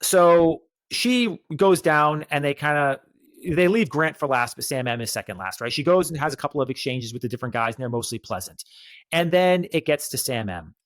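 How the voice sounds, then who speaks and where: Animated man recapping reality TV. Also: a little high, normal speed, no room sound. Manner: animated, emphatic, acts out quotes. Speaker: podcast co-host. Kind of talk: casual reality-TV recap chat.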